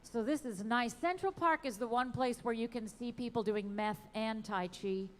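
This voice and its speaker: A woman performing a wry, animated stand-up comedy set at an outdoor show. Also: a little high, moderate pace, in a large hall, slight background noise. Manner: wry, animated delivery with sung bits.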